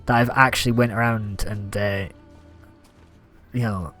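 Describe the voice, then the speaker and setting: Over soft background music, a young man with a lowish voice streams a game at an unhurried pace. Chatty and animated, he thanks viewers by reading out their gifts and reacts to what happens in play.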